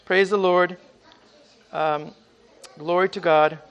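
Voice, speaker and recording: High-voiced fervent male preacher. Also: fairly even intonation, slow, a bit bright, clean tone, muffled recording. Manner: fervent, often exclaiming praise to God; repeats words at the start of phrases. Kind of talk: sermon with personal testimony. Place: church service with congregation.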